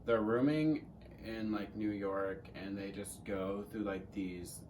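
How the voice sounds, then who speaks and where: A man's voice: on the low side, steady tone, slow pace, a little mellow, recorded from a distance, a little hiss or hum. A teenage man co-hosting a casual Q&A chat, rambling and joking with some swearing. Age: teens. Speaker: co-host.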